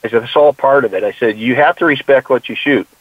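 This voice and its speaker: A man's voice: medium pitch, quick pace, breathy edge, no room sound. A man who mentors young hunters tells stories in an earnest, conversational way and often quotes what he tells the kids. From United States. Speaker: mule deer conservationist and youth hunting mentor. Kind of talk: casual conversational interview. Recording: tinny phone-like dry sound.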